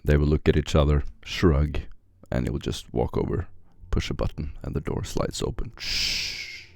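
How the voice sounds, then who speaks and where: A man narrating a tabletop game as game master, describing scenes slowly with many fillers. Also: very deep voice, little pitch movement, vocal fry, warm tone, dry recording.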